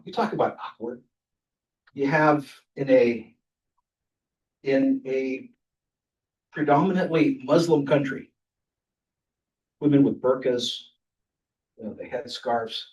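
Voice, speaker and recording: A man's voice: medium pitch, darkish tone. An older man giving a humorous speech at a club, telling travel anecdotes and chuckling between them. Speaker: club speaker. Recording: roomy sound from a distant mic.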